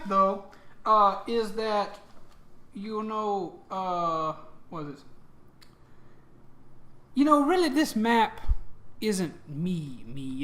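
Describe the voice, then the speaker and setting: A man's voice: sits high, pushed and bright, full character voice. A man voicing a mischievous male gnome god of humor, chummy and rambling, in a tabletop game.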